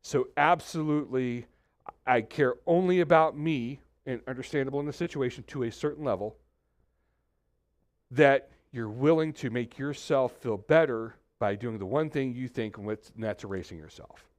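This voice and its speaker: A man preaching a conversational sermon as pastor, animated, acting out quoted voices, with many restarts. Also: medium pitch, normal speed, no echo. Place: church suite, indoors.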